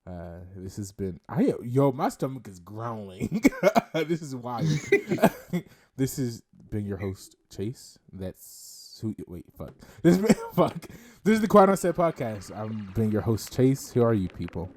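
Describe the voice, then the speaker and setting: A young-sounding male podcast host who rambles through his thoughts with lots of giggles and swearing. His pitch bounces all over the place as he talks. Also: very animated, measured pace, darkish tone. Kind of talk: casual podcast chat.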